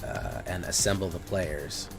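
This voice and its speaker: Deep-voiced male streamer, loose and profane, faint music bed. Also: unhurried. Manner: rambling, swears freely, talks to chat. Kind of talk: casual live-stream chat.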